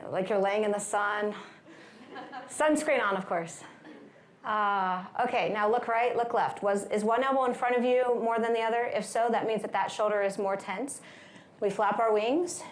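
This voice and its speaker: A woman with a fairly high voice speaks to a live conference crowd, upbeat and playful as she leads stretches and breathing. Her voice rings around a large echoey hall with a faint hum of ambience. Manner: energetic, upbeat, playful asides with laughs. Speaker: wellness speaker. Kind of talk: live conference talk leading movement and breathing.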